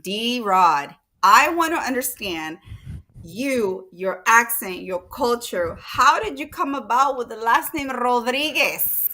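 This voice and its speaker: A woman's voice: a little high, expressive, slow pace, bright, forceful tone. A woman hosting a casual interview, asking rambling, enthusiastic questions. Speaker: host.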